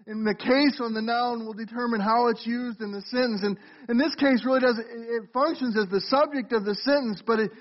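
A middle-aged man with a strikingly high voice delivers a sermon from the pulpit. His manner is conversational, and he often turns to question the congregation. The church recording sounds muffled and lo-fi. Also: steady tone, brisk. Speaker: pastor. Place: church sanctuary.

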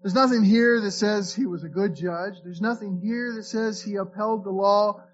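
A man's voice: sits high, normal speed, muffled recording, a little hiss or hum. A man preaching a sermon in a conversational way, reading scripture aloud and often restarting his words. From Florida. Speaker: pastor.

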